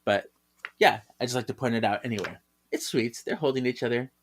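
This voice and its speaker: A man's voice: mid-range voice, brisk, a little hiss or hum. A man co-hosting a podcast in casual chat, chatty and laughing often as he talks. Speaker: podcast co-host.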